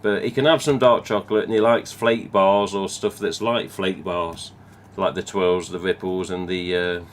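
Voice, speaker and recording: A deep, steady voice at a moderate pace belongs to a Midlands-accented Englishman hosting a live stream, where he casually chats, reads viewer comments, rambles and sometimes swears. A little hiss or hum can be heard.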